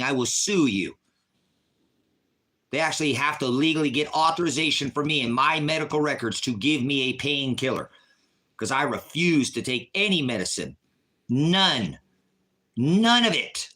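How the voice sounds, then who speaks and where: A man's voice: mid-range voice, bright, forceful tone. A man from Oregon hosting a livestream, talking in an emphatic, repetitive, argumentative way to his chat. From Oregon, USA. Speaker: livestream host. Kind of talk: casual livestream rant.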